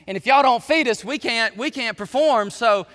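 A man's voice: extremely high pitch, moderate pace, pushed and bright, long reverb tail, voice pushed up. A man doing an earnest young quarterback. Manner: earnest and encouraging.

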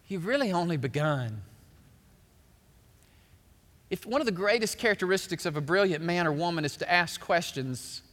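A male pastor preaching a sermon, swelling loud and then dropping quiet. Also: on the high side. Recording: long hall reverb.

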